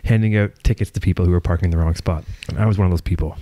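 A man's voice: deep voice, fairly even intonation, rapid-fire, warm tone. A man hosting a casual podcast chat, rambling through a story with lots of restarts and casual swearing. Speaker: podcast host.

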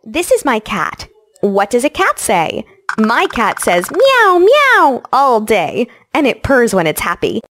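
A young woman giving slow, scripted, encouraging narration to young children in a game, like a preschool teacher, recorded close to the mic. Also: a little high, sing-song, fairly bright tone, dry recording.

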